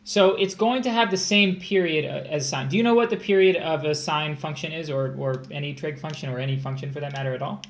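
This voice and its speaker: A man's voice: a little high, a little fast, few pauses. A man tutoring test prep on a casual livestream, joking and rambling as he explains math. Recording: echoey room, faint hiss.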